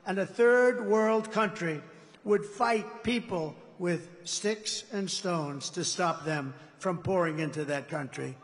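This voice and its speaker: Speaking slowly, a high-voiced male political candidate brags and rambles through a rally speech, wandering from one point to the next. A long reverb carries his voice across a large indoor arena.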